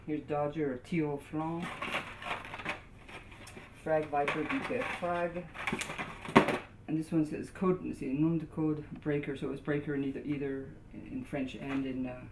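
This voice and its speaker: Low-voiced woman rambling over noisy video. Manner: halting, lots of ums and restarts, reading out labels. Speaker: toy collector. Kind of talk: casual show-and-tell narration.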